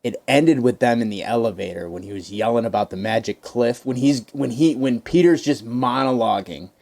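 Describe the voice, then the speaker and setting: A man's voice: medium pitch, moderate pace, gravelly. Rambling, profane man chatting about movies. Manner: rambling, profane, animated retelling of scenes. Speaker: podcast co-host. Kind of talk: casual movie chat.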